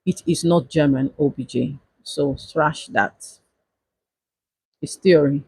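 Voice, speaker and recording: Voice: medium pitch, slow pace, darkish tone, husky, dry recording, poor audio. A lecturer giving a livestreamed exam-review lesson, repeating instructions with emphasis. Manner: repetitive, emphatic instructions to students.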